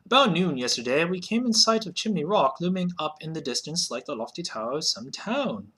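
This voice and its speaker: A pioneer traveler from an old computer game speaks in an odd, made-up accent, read out by a man. The tone is bright and tense, with a slightly raised pitch. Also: sing-song, a little fast, slightly rough, heavily acted. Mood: storytelling. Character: pioneer traveler on the wagon trail.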